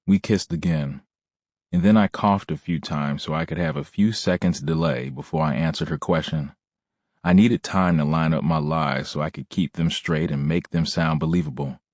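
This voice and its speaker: A man narrating a first-person audiobook in a plain, measured way. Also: rumbling low, a little mellow, dry recording, studio quality.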